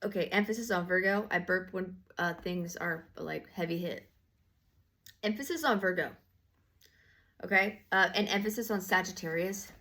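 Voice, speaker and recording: A woman's voice: lowish voice, moderate pace, sharp tone. A woman giving a casual tarot reading, slangy and profane, rambling with lots of fillers and restarts. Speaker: tarot reader.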